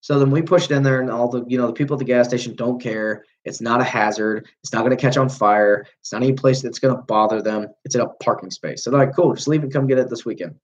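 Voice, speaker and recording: A man's voice: medium pitch, fairly even intonation, quick pace, hardly any pauses, dull audio. A young man hosting a livestream, telling a long story casually with plenty of swearing and mid-sentence corrections. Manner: rambling, profane, self-correcting. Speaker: livestream host.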